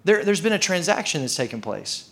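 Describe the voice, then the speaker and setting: A man's voice: high-pitched, sing-song, a little fast, vocal fry, a bit bright, heavily acted. A man voicing a courteous, businesslike female bank teller in a sermon story. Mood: polite.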